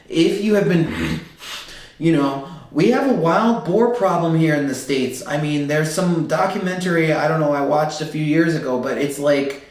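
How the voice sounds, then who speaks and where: A man's voice: on the high side, far from the mic. A man giving a casual astrology reading, loose and emphatic, often checking in with "okay?". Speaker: tarot reader. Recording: very echoey room, voice set back from the mic.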